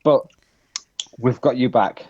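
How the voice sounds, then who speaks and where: A man's voice: medium pitch, slow pace, dull audio, noisy background. A man playing a tabletop game, plainly describing what his character does. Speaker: player. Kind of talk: casual tabletop play.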